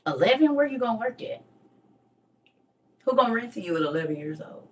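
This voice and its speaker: A woman in her thirties telling a personal story with rising passion, sometimes near shouting, in casual dialect speech. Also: on the high side, big pitch swings, fairly quick, dull audio. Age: 30s. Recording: voice distant from the mic.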